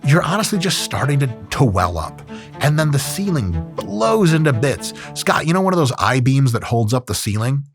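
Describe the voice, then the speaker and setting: At normal speed and in a mid-range voice, the fitness host explains training while soft music plays underneath. The exercise scientist keeps it animated, cracking jokes, swearing casually and turning an ad read into comedy.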